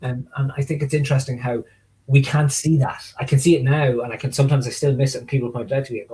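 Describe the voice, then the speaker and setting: A man's voice: medium pitch, fast, low-quality recording. A middle-aged man, a guest in a casual conversation, telling stories animatedly and acting out what people said. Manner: animated storyteller acting out quotes. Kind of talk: casual video-call conversation.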